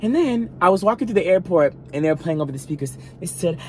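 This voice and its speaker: Animated man telling a dramatic story. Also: high-pitched, fast, hardly any pauses, a little hiss or hum. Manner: animated, dramatic retelling with frequent asides and restarts; talks straight to viewers. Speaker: vlogger. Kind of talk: storytime monologue.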